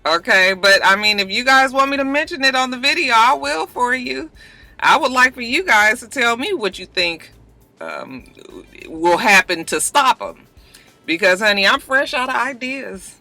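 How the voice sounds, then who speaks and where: A woman's voice: on the high side, animated, moderate pace, pushed and bright, no room sound, faint music behind. A woman hosting a casual chat vlog, talking bluntly with sassy asides and a slightly thick mouth from a dental retainer. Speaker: vlog host. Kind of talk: casual chat about celebrity news.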